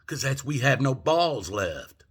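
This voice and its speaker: Gravelly older man on an angry rant. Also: medium pitch, very animated, measured pace. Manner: profane, indignant, repeats rhetorical questions. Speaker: vlogger.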